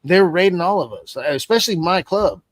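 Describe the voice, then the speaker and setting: A man with a fairly high voice, heard up close and dry with no room echo. He tells a long story in loose, swear-filled chat, jumping between his own words and the voices of the people in it. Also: animated, fairly quick. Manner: profane, rambling, acts out quoted voices. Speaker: stream host.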